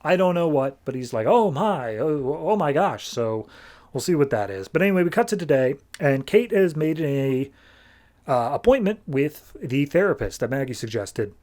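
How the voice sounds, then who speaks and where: A young man chats his way through a comic recap in an easygoing, rambling way. He leans on "like" and paraphrases the characters in offhand asides. His voice sits in an ordinary middle pitch. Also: animated, darkish tone. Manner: loose and chatty, heavy on "like", paraphrases characters in quick asides. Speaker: podcast host reviewing comics.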